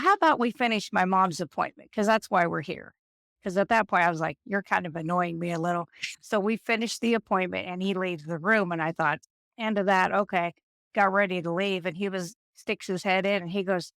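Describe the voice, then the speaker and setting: A woman in her fifties, a nurse, telling stories in an interview and acting out the people she quotes in an animated way. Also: lowish voice, fairly quick, no echo, studio quality. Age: 50s. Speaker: nurse and guest. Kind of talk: storytelling interview.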